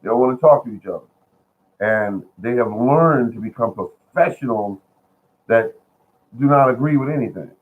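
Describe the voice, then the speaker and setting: A man's voice: mid-range voice, expressive, moderate pace, a little hiss or hum. A man rambling casually to his viewers from home about gardening bargains, repeating himself and calling them folks. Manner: chatty, repetitive, addresses viewers as folks. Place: at home, indoors. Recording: phone-like lo-fi sound.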